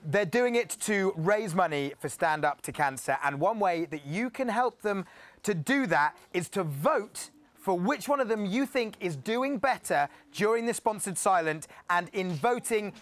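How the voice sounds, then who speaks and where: A man's voice: sits high, no echo. A man hosting a live charity stream, chatty and joking as he reads out the donation details. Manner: chatty, jokey, energetic. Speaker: livestream charity host. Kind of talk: upbeat live presenting.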